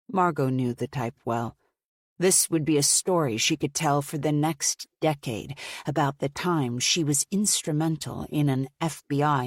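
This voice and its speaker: A woman narrating a mystery audiobook in a measured, even storytelling manner. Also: sits low, dry recording, clean studio sound.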